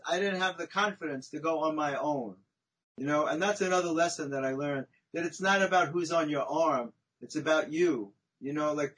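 A man, a podcast guest, telling a long personal story in a chatty, animated way, often tagging his sentences with "right?" and "you know?". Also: a little high, husky, poor audio. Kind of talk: conversational storytelling.

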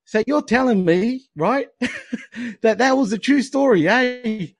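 A man's voice: extremely high pitch, lively intonation, takes it slowly, gravelly. An Australian man hosting a casual podcast chat, swearing freely and dropping mate and bro into every sentence. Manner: swearing, laughing, broad slang like mate and bro. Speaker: podcast host.

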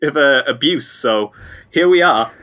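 A man co-hosting a podcast, rambling and excitable, breaking off and restarting his sentences. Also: mid-range voice, unhurried. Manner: rambling, self-interrupting, excitable. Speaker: podcast co-host. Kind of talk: casual chat.

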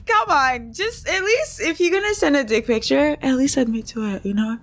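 A woman's voice: sits high, animated, moderate pace, a bit bright, dry recording. A woman hosting a casual solo podcast, talking bluntly and with outrage, often breaking into laughter. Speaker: podcast host.

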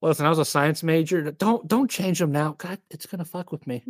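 A man's voice: fairly high pitch, fairly quick, no echo, clean studio sound. A man hosting a podcast in casual chat, reading out notes, joking, laughing often and swearing. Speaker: podcast host.

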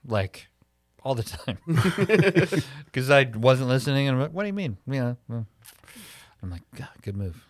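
Man, podcast co-host, rambling storyteller, mid pitch, dry close sound. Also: lively intonation, a little slow, pauses often, no echo. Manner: rambling, self-interrupting storyteller. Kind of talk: casual chat.

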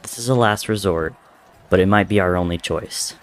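A man's voice: low-pitched, moderate pace, natural voice. A man voicing a stern young king. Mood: grave. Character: stern young male king, curt and commanding.

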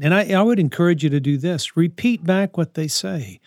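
Male parenting advisor, slightly high-pitched, earnest and coaching, dry close sound. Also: animated, a little fast, few pauses, no echo. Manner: earnest, coaching, with frequent restarts. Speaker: parenting advice speaker. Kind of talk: answering parenting questions.

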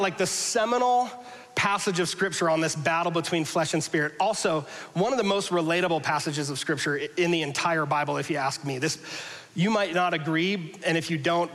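A man preaching a conversational sermon to a congregation, joking casually and swinging between loud emphasis and hushed passages. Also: on the high side, in a large hall, rough recording. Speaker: pastor. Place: church hall with a congregation.

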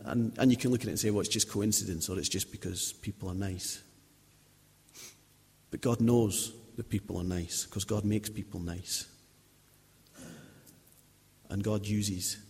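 A man in his thirties tells stories from the pulpit in an informal sermon, circling back and restarting as he talks. His voice sits low and a little husky. The church gives it a long, ringing reverb. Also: fairly even intonation, normal speed, pauses often, darkish tone. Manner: chatty, anecdotal, many restarts. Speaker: lay preacher.

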